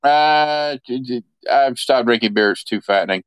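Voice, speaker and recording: A man's voice: medium pitch, normal speed, clean tone, dry recording. A man playing a tabletop game, telling his character's backstory in a rambling, self-correcting way. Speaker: player. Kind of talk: casual game chat in character.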